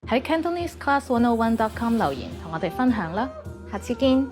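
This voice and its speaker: A woman narrating a scripted lesson in an even, measured way. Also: fairly high pitch, loud music behind the voice.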